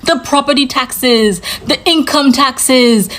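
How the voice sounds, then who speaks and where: High, lively woman vlogger, emphatic and dramatic, venting to camera. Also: normal speed. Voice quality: dramatic, emphatic, lots of "child" and "like".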